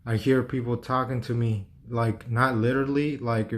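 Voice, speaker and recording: A man's voice: medium pitch, fairly even intonation, moderate pace. A man telling a personal story in a loose, rambling way, full of fillers, restarts and swearing.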